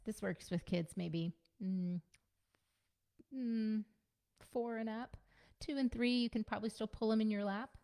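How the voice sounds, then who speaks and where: A woman giving a casual teaching talk to parents as a parenting coach, conversational and gently instructive, repeating her key points. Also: medium pitch, fairly even intonation, a little slow, gravelly, pauses often. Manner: conversational, frequent fillers like "you know" and "like".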